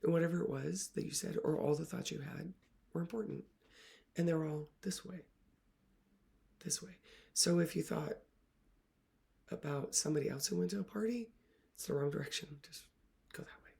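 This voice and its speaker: A woman literacy coach talks straight to her viewers in an earnest, emotional way. Her voice carries a strong gravelly fry, and she often lets her words fall away into a breathy near-whisper. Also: deep voice, moderate pace, pauses often. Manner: soft-spoken, often dropping to a whisper. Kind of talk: reflective talk to camera.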